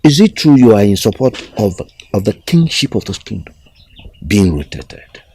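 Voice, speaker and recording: An actor playing an older father and elder, speaking gravely and earnestly in a drama. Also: on the low side, big pitch swings, moderate pace, mellow, a little hiss or hum. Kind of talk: Nollywood film acting.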